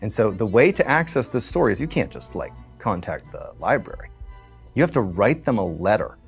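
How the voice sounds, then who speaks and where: A man's voice: fairly low pitch, very animated, fairly quick, soft background music. A man telling a strange story in a casual, conversational way, with many fillers.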